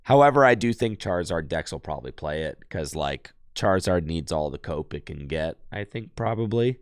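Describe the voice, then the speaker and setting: A man hoarse from losing his voice, chatting casually to his live-stream viewers as he plays a card game and thinks aloud. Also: low-pitched, expressive, moderate pace, no echo, studio quality.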